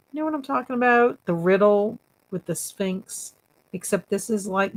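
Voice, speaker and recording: Slow-talking giggly woman streamer. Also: medium pitch, darkish tone. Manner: giggly, reads chat comments aloud and teases viewers. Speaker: booktube livestream host. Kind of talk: casual livestream chat.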